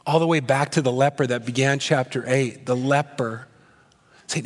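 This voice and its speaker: A male pastor preaching an expository sermon in a church sanctuary, animated, moving between loud and hushed delivery. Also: medium pitch, normal speed. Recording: long hall reverb.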